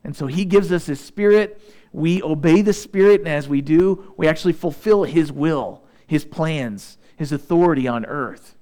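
The speaker, a pastor from Southeast Missouri, delivers a sermon in a somewhat high voice. Scripture comes slow and measured, and between readings he offers relaxed, conversational asides to his listeners.

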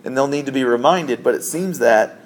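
A man's voice: mid-range voice, normal speed. A man preaching a sermon in a conversational way, with asides and self-corrections. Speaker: pastor.

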